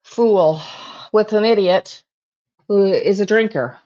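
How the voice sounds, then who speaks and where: A woman's voice: medium pitch, takes it slowly, mellow, muffled recording. A woman hosting a true crime channel, talking to herself while she pulls tarot cards and repeats her questions to spirit.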